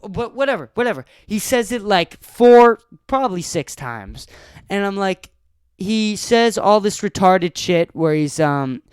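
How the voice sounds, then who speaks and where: A man's voice: high-pitched, expressive, unhurried, smooth, dry recording, clean studio sound. A young man hosting a solo podcast, telling an angry, profanity-filled story about a friend. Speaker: podcast host.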